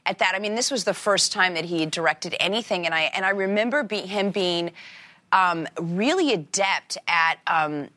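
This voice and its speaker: An actress in her forties chatting in a talk-show interview, telling animated stories and acting out the quotes. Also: on the low side, normal speed. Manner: animated storyteller, acts out quotes. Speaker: actress guest.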